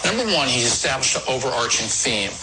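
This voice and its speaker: A man's voice: medium pitch, expressive, fast, very noisy. A man giving confident political analysis, point by point, in a clip played on air. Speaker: political commentator.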